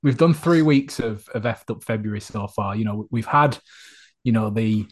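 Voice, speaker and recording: A man's voice: fairly low pitch, normal speed. A man co-hosting a podcast, chatting casually with dry, wry banter. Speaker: podcast co-host.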